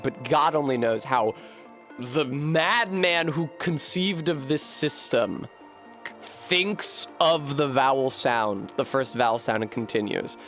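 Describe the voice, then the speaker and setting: A man streaming a game, thinking out loud in a rambling way, swearing freely and running himself down. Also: medium pitch, takes it slowly, faint music behind. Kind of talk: casual live-stream commentary.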